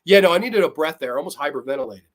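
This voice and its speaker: A young man hosting a livestream film review, reading chat comments and ranking films in blunt, profane, animated talk. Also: on the high side, rapid-fire. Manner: blunt, profane, animated, laughs often, mocks characters in put-on voices. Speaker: host.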